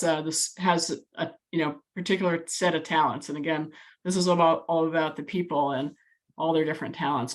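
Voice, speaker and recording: A woman as an interview guest, speaking hesitantly with many fillers and restarts. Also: sits low. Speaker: interview guest, advocacy leader. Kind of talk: interview podcast conversation.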